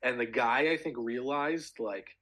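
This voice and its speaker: A man's voice: mid-range voice, measured pace, pushed and bright, poor audio. A young man co-hosting a podcast, telling a story in casual chat, swearing a lot with many fillers. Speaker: podcast co-host.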